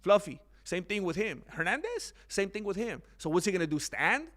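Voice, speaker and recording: A young man giving a rambling casual monologue on fight news, animated and mocking. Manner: rambling, animated, mocks others in high exaggerated voices. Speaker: MMA commentary YouTuber.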